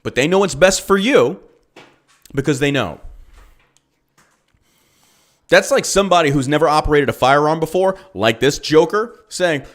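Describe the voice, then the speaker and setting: A man's voice: on the high side, animated, moderate pace, a bit bright. A male podcast host and business owner ranting about politics, swearing freely and firing off rhetorical questions. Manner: profane, heated, rhetorical questions. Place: lives in Texas.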